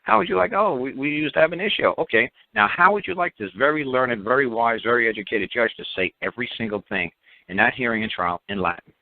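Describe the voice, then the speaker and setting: Heard over a dry phone line, a man with a mid-range voice talks fast as he hosts a call-in talk show. He's emphatic and blunt, repeats himself, and slips in mocking remarks.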